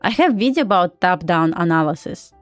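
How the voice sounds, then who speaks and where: A woman's voice: fairly low pitch, lively intonation, fairly quick, dry recording. Female streamer with a Russian accent, loose and chatty, dry mic, light music bed. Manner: chatty, frequent laughs and "like" fillers. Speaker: live-streaming day trader. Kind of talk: casual live-stream chat.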